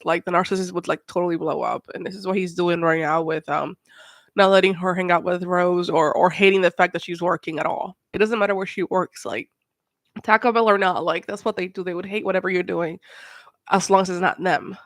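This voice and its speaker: A woman's voice: fairly low pitch, steady tone, brisk, dry recording. Woman, reaction commentary host, emphatic, restarts and repeats, dry recording. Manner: emphatic, swearing, repeats words.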